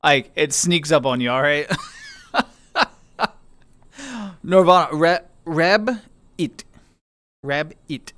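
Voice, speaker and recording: Playful, animated man chatting with viewers. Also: a little high, drawn-out words, pauses often, smooth, dry recording. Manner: playful, greets chat viewers one by one; goofy, self-mocking. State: tired, lower energy. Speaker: livestreamer. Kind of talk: casual live-stream chat.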